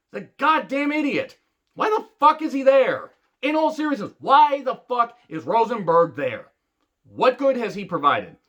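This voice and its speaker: A man with a high, slightly bright voice rants angrily and sarcastically in a wrestling review, swearing heavily throughout.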